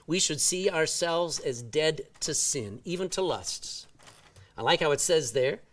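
Animated Texan preacher in church. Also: male voice, on the high side, far from the mic. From Texas. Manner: animated, folksy preaching with drawn-out emphasis. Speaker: pastor. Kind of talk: sermon.

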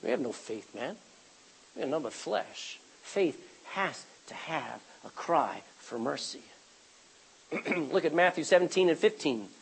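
Speaking a little slowly, a man gives an animated sermon in a church, his voice high-pitched and husky as he mimics figures from his stories. The recording sounds rough.

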